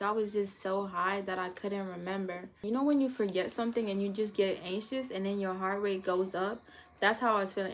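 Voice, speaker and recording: A woman telling a personal story in a casual storytime vlog, animated and acting out moments with sudden high-pitched bursts and laughs. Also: a little hiss or hum. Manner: animated, acts out her own past panic with sudden high-pitched outbursts and laughter.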